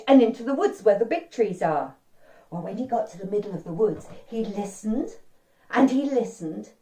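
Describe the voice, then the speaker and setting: A woman's voice: medium pitch, a little slow, dark tone. A woman telling an interactive story to children, speaking directly to young listeners and inviting them to join in. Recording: roomy and distant.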